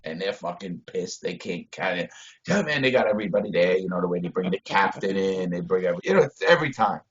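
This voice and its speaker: A man telling a story on a video call, blunt and profane, shifting between loud bursts and low mutters. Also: expressive, fast. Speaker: interview guest. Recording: dull lo-fi video call audio.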